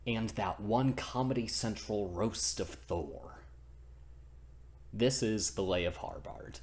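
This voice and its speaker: A man casually retelling a myth as a comedy, goofy and rambling, interrupting himself often. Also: fairly low pitch. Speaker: storyteller, channel host.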